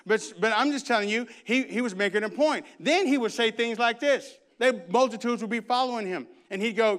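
A man preaching a sermon and reading scripture, emphatic, with loud bursts and hushed asides, and humorous conversational stories. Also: extremely high pitch, a little fast, hardly any pauses. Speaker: pastor.

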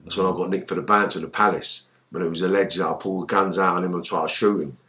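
A man's voice: low voice, fast talker. A middle-aged man, a former gangster telling stories in an interview and swearing a lot. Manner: animated storytelling, acts out voices loudly, swears. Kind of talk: storytelling interview.

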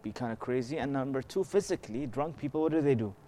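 A man's voice: medium pitch, expressive, quick pace, dark tone, slight background noise. A man giving a conversational religious lesson. He explains patiently, asks rhetorical questions and keeps checking in with his listeners. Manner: slips into melodic Arabic recitation of verses. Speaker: religious teacher.

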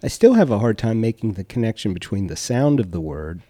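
A man's voice: fairly low pitch, sing-song, fairly quick, mellow. A man co-hosting a political podcast in a thoughtful, easygoing way. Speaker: podcast co-host. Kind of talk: casual political podcast chat.

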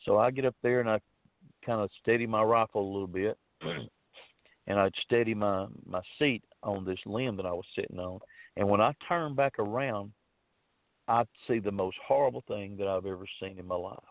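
A man with a Southern accent and a fairly low voice tells a story in a loose, rambling way, stopping and restarting his sentences. The sound is dry and thin, like it comes over a phone line. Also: moderate pace, no room sound. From Arkansas. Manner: rambling, folksy, many fillers and restarts. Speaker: storyteller guest. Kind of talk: casual spoken storytelling.

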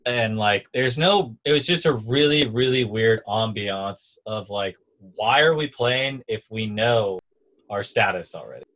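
In a fairly low, slightly slow voice, a young former volleyball player narrates a sports tale during casual talk. He's animated and brings others' words to life by acting them out.

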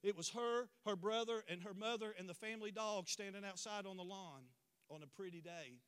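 Impassioned high-voiced male preacher. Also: fairly quick, a bit bright, smooth. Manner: impassioned, building to emphatic declarations. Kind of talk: sermon. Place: church sanctuary. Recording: long reverb of a large church hall.

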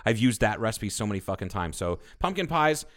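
A man on a casual podcast gets excited about baking, cursing and wandering off topic as he co-hosts. He has a lowish, sing-song voice and talks briskly.

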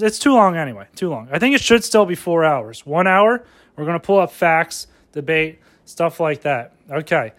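High-voiced excitable comedian man. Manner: excitable, riffing, profane. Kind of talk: profane comedic rant.

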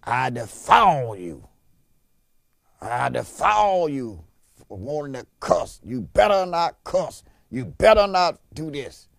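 A man's voice: on the high side, very animated, takes it slowly, gravelly, dry recording, clean studio sound, full character voice. A man preaching, voicing a stern male pastor who scolds and rebukes a spirit. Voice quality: forceful, scolding.

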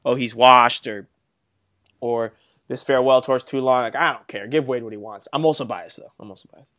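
A young man co-hosting a casual sports podcast, telling stories in an animated, self-mocking way. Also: medium pitch, a little fast. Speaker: podcast co-host.

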